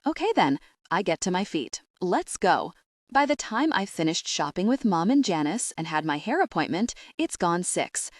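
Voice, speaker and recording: Woman, audiobook narrator, comic first-person, very lively, dry studio sound. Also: on the low side, normal speed, hardly any pauses, no room sound. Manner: animated, expressive.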